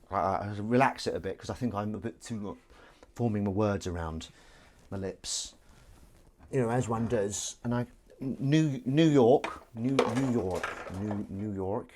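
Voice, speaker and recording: A man's voice: on the low side, darkish tone. A man with a Southern English accent hosting a live stream while washing up, chatting with viewers in a rambling, self-mocking way. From England.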